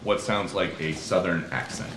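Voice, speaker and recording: A man reporting at a press briefing, pressing a calm, persistent question. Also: low voice, normal speed, roomy sound, recorded from a distance, background noise.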